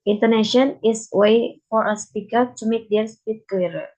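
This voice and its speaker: A woman's voice: fairly high pitch, moderate pace, a little mellow, highs cut off. A young woman giving a class presentation, reading carefully from slides and often repeating words. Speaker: student presenter.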